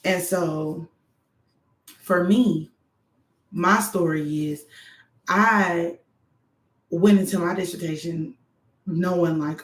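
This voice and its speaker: A woman giving frank, animated advice straight to her viewers in a candid monologue. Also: fairly low pitch, takes it slowly, pauses often. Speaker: doctoral student vlogger. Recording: echoey room.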